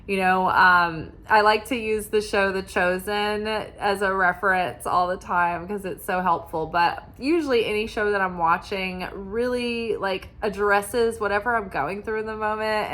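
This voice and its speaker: A woman's voice: medium pitch, bright, forceful tone. Casual, rambling woman tarot reader; talks with frequent fillers and self-corrections. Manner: rambling, many fillers and restarts. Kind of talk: casual spiritual chat.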